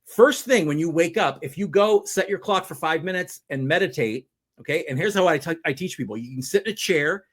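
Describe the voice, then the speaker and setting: A middle-aged man, a mind power speaker, explaining his method step by step with energetic examples. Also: fairly high pitch, a little fast. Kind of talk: conversational teaching.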